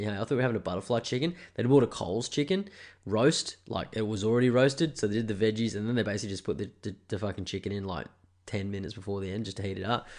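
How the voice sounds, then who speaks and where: An Australian man in his thirties talks casually on his own podcast, rambling through stories and swearing freely. His voice sits a bit low. He gets animated as he goes. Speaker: podcast host. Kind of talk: casual solo podcast chat.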